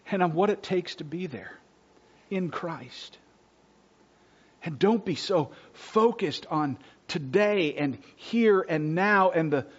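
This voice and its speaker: Earnest man preaching, hushed to swelling. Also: sits high, breathy edge, highs cut off. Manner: earnest preaching, drops to hushed near-whispers and swells on emphasis. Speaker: pastor. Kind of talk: sermon. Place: church sanctuary.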